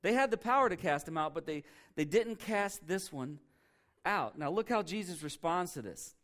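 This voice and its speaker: A pastor preaches to his congregation in a fairly high voice, leaning hard on key words. He keeps it conversational, tossing rhetorical questions out to the room. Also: animated, normal speed, fairly bright tone. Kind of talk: sermon.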